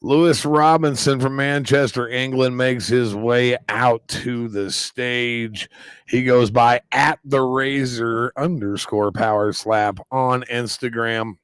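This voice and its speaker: A man hosting a live stream, reacting to fights with rambling, excitable commentary. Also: mid-range voice, clear, resonant tone, no echo. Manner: excitable, rambling, quick exclamations.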